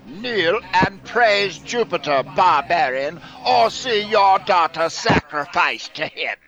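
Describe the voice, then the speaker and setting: A man's voice: high voice, animated, takes it slowly, bright, forceful tone, highs cut off, soft background music, exaggerated voice. A man voicing an arrogant Roman military commander who proclaims his conquests. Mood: pompous. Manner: pompous, proclaiming.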